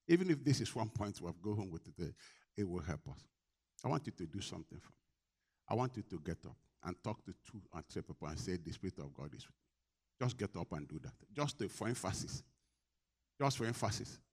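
Preaching man, from hushed to shouting. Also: low-pitched, expressive, brisk, breathy edge. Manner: preaching with call-and-response, swinging from soft to loud. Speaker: pastor. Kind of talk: sermon.

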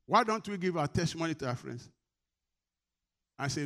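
Emphatic preaching man, loud-then-quiet. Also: on the high side, expressive, moderate pace. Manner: emphatic preaching with call-and-response questions, swinging between loud and quiet. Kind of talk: sermon.

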